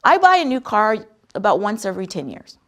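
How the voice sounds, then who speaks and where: A woman's voice: medium pitch, fairly quick. A woman host telling a personal story in a conversational, emphatic way. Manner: animated, conversational, emphatic retelling. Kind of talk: storytelling talk on sales.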